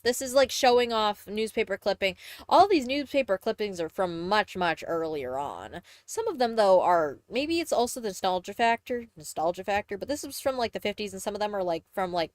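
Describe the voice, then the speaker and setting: A woman's voice: medium pitch, no room sound. A young woman from Texas with a mixed Southern and Midwestern accent, chatting casually on a live stream, rambling and correcting herself as she goes. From Texas, USA. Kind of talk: casual live-stream chat, reading aloud.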